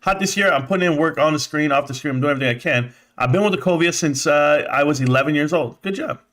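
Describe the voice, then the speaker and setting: On a casual live stream, a man with a fast, on-the-high-side voice reads chat aloud and thanks viewers by name. He rambles in an animated way, swears at times, laughs often, and says he feels out of breath.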